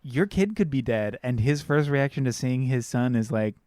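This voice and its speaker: A man's voice: medium pitch, lively intonation, normal speed, warm tone, smooth, no echo, clean studio sound. A man co-hosting a podcast in casual film chat, earnest, repeating phrases as he thinks and acting out quotes. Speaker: podcast co-host.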